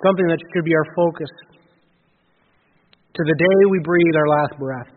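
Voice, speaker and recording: High-voiced preacher on tinny radio. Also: male voice. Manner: earnest preaching with frequent restarts and pauses. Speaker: pastor. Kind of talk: sermon. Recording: phone-like radio broadcast with long reverb.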